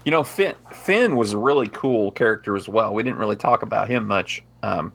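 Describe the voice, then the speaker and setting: A man's voice: on the low side, expressive, a little fast, vocal fry, a bit bright, husky. A man chatting casually about a movie, agreeable and enthusiastic.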